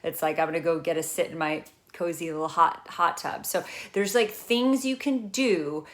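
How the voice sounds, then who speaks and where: A middle-aged woman speaks as a trauma recovery coach in a loose, unscripted talk to camera. Her voice sits a little low, and she circles her points earnestly, trailing off and restarting with lots of fillers. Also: normal speed.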